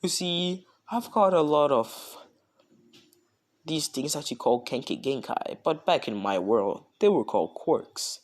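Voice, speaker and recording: A man's voice: fairly high pitch, lively intonation, measured pace. All For One, a courteous villain as a man voices him. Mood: explaining. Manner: formal, polite speech. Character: powerful male villain, courteous and scheming.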